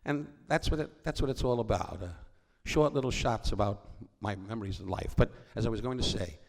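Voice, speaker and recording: A man's voice: on the low side, fairly quick, darkish tone, slight background noise. An older man, a comedian telling rambling, wisecracking stories on stage, often breaking off to interrupt himself. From New York. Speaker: comedian guest. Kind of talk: on-stage storytelling conversation. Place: stage before a live audience.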